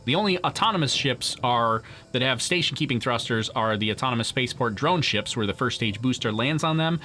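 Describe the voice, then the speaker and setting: A man's voice: medium pitch, animated, fairly quick, sharp tone. A man hosting a live launch stream, chatting casually and answering viewer questions, rambling with frequent restarts and laughs. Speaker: livestream host. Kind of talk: casual live commentary reading chat.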